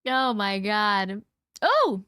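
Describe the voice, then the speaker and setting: A woman's voice: medium pitch, sing-song, extremely slow, sharp tone, smooth, no echo, studio quality. A woman hosting a casual livestream, chatting and reading chat aloud, swearing casually, her voice strained and fading. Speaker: livestream host reading viewer stories.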